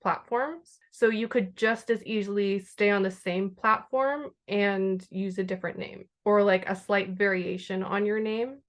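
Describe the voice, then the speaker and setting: Chatty woman writer on a podcast. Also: mid-range voice. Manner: chatty, many fillers, laughs often. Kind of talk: casual podcast chat.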